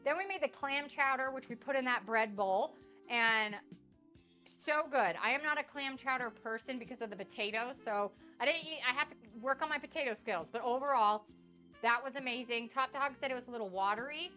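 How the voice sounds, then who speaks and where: A young woman with a bright, lifted voice talks through a cook-along livestream, gushing over each dish as she tastes it. Her speech is chatty and effusive, with soft music playing faintly behind her. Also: high-pitched, fairly quick, highs cut off. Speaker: cooking streamer.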